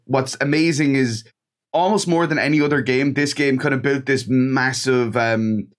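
A man hosting an interview show, sick with his voice off, talking eagerly and enthusiastically as a fan. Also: medium pitch. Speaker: podcast host and interviewer. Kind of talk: casual interview chat.

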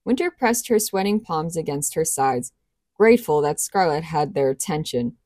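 A woman narrating a novel in a steady, even storybook reading. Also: low-pitched, moderate pace, dry recording, clean studio sound. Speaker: audiobook reader.

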